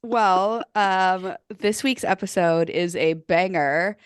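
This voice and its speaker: A woman's voice: fairly low pitch, slow pace, clean tone, no echo, clean studio sound. A woman co-hosting a podcast, chatting casually with many ums and likes and reading out guest bios. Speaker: podcast co-host.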